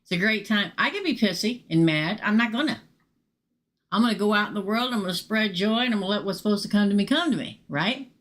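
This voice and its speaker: A middle-aged woman, telling a casual, animated story to viewers during a live tarot reading stream. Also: mid-range voice, quick pace. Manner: chatty, animated, swears casually and talks straight to viewers. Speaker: tarot reader hosting a live show.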